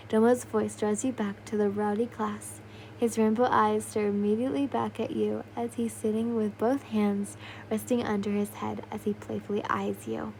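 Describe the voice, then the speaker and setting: A woman's voice: medium pitch, little pitch movement, moderate pace, creaky, darkish tone, slight background noise, low-quality recording. A young woman narrating a fan fiction story in a loose, unpolished way, with yawns, slips and little asides. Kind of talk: casual fan fiction reading.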